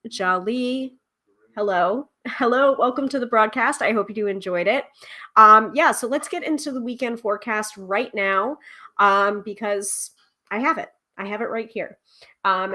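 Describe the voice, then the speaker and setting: A woman's voice: medium pitch, pushed and bright. Woman host for a casual home tarot stream, chatty and loose, lots of filler. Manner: chatty, many ums, reads viewer comments and book passages aloud. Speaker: tarot reader and livestream host. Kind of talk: casual livestream chat. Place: home livestream.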